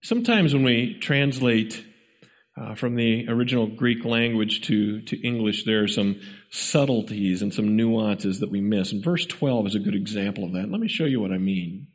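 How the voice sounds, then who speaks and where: A man's voice: lowish voice, normal speed, in a large hall. A man preaching a sermon, pressing his points with emphatic repetition and rhetorical questions to the congregation.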